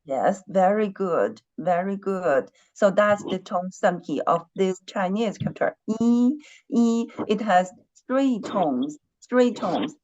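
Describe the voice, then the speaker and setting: A woman's voice: lowish voice, animated, takes it slowly, few pauses, darkish tone, highs cut off. A woman teaching a Chinese class online, patiently repeating her questions and humming while she thinks.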